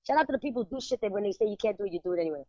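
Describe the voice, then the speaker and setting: A woman curating art shows, talking on a radio show in a lively, emphatic way, laughing often and dropping into Spanish phrases. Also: medium pitch, racing, no room sound, lo-fi sound. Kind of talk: casual radio chat.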